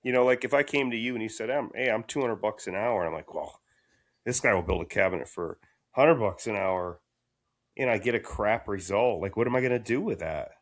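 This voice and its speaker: Laid-back young man with a low voice. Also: a little fast. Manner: laid-back, slangy, says "dude" and "bro". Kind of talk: casual podcast chat.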